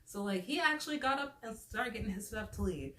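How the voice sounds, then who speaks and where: A woman's voice: on the high side, animated, fairly quick, a bit bright. A woman telling a storytime in a casual, chatty way, sounding fed up and leaning on "like" as she talks. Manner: chatty and exasperated, leans on "like" as a filler. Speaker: vlogger. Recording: roomy echo with faint noise.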